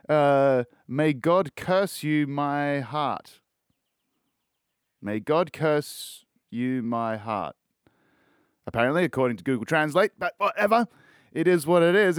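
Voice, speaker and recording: A man's voice: fairly high pitch, dry recording, clean studio sound. Laid-back, cussing Australian podcast guy. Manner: rambling, swears often, laid-back. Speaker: podcast host. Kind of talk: casual music-review chat.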